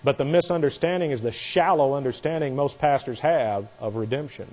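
Forceful male bible teacher in a hall. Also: mid-range voice, a little fast. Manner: forceful, scornful of false doctrine. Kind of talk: sermon.

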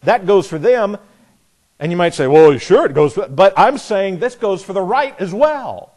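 This preacher's voice is fairly high for a man, and his sermon is folksy and sarcastic, full of impressions of imagined people to make his point. He speaks expressively at a moderate pace, and his volume jumps sharply whenever he drives a line home.

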